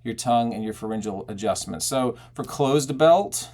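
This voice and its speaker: A male singing teacher explains vocal technique in a relaxed, talkative way. His speaking voice sits at a middle pitch but moves a lot. He keeps stopping to belt out loud sung shouts and vowel examples. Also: moderate pace, few pauses. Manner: animated, breaks into loud belted shouts and vowel demos.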